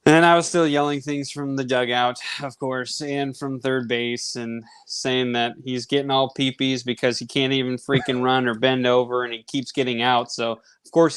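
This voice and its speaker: A man's voice: medium pitch, clear, resonant tone, no room sound. A man in his thirties, hosting a sports podcast and telling a long casual story with lots of fillers. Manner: rambling, animated anecdote with many fillers. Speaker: podcast host.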